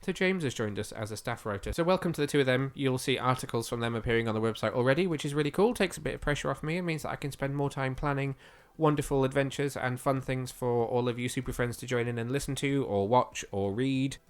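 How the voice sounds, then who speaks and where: A man's voice: medium pitch, quick pace, few pauses, clean tone. Chatty man, voice slightly worn. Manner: chatty and enthusiastic, with frequent fillers. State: slightly losing his voice. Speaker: podcast co-host. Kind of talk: casual podcast chat.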